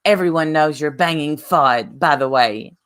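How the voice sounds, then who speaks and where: A woman voicing a taunting, dismissive woman commenter in her own low, bright voice. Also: unhurried. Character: insulting woman commenter mocking an "old lady".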